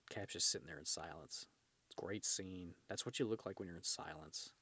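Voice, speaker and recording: A man casually reading a comic book aloud, stopping often to joke and laugh, and now and then shouting the characters' lines. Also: low voice, fairly quick, no echo. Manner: reads panels aloud, breaking off to joke and laugh; shifts into loud shouted character voices for dialogue. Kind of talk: casual comic read-along with commentary.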